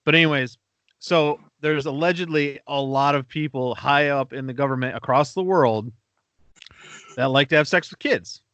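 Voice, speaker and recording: A man co-hosting a podcast in loose, rambling chat, full of swearing and asides. His voice is bright and forceful, and it sounds dry and close to the mic. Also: fairly high pitch, moderate pace, dry recording, lo-fi sound. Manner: rambling, profane, laughs at his own stories. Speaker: podcast co-host. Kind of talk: casual podcast banter.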